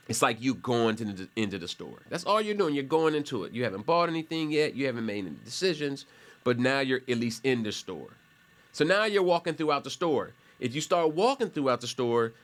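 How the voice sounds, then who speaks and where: Male instructor, offhand and chatty, talking through a screen demo with frequent asides. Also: medium pitch. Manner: conversational and rambling, with self-corrections and asides. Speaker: college instructor. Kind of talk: casual classroom explanation while screen sharing.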